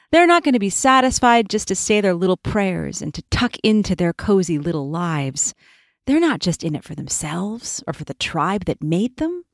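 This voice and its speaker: A woman's voice: medium pitch, no room sound, studio quality. A woman voicing a confident ancient goddess who teases and rants with spirit. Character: lively, teasing ancient female goddess, confident.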